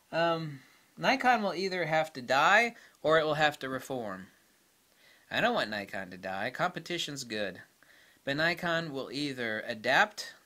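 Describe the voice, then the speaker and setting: Man, camera vlogger, casual rant, blunt, opinionated, bright forceful voice. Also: medium pitch. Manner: blunt, opinionated, laughs at own jokes.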